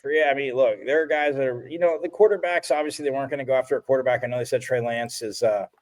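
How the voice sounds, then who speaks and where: Male sports talk co-host, mid-range voice, rambling, animated storyteller. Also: medium pitch, fast. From from Phoenix area.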